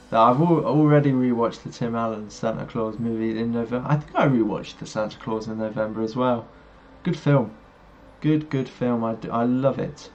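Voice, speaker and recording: A man's voice: medium pitch, darkish tone. A man hosting a live stream, reading viewer messages aloud and chatting back to them casually. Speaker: livestream host. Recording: slightly dull audio, faint music behind. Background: faint background music.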